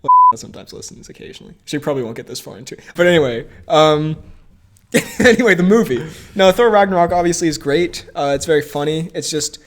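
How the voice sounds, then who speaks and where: A young man co-hosting a podcast, talking through movies in a loose, rambling way. His voice sits a little high for a man, and he laughs a lot and trails off when he forgets a name. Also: huge pitch swings, fast talker, fairly bright tone. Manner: rambling, laughs often, loses his train of thought. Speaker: podcast co-host. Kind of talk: casual movie chat.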